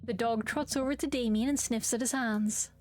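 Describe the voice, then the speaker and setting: A woman's voice: on the high side, steady tone, moderate pace, soft background music. A woman streaming a dating game, reading its lines aloud with playful comments and silly voices.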